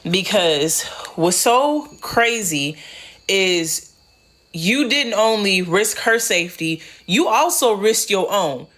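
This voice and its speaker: A woman's voice: medium pitch, expressive, takes it slowly, fairly bright tone. A woman giving firm, critical commentary to camera.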